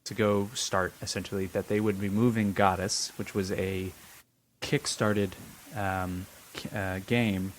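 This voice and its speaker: A man's voice: deep voice, little pitch movement, a little slow, slight background noise, rough recording. A man co-hosting a casual podcast chat, rambling with lots of fillers and restarts. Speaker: podcast co-host.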